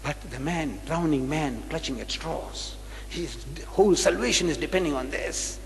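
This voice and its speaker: A man's voice: fairly high pitch, moderate pace, gravelly, crowd noise. A man from Africa, giving a religious debate lecture, dramatic and rhetorical, firing questions at the audience and acting out debates. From South Africa. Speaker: public lecturer. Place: large lecture hall. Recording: live hall recording with long reverb.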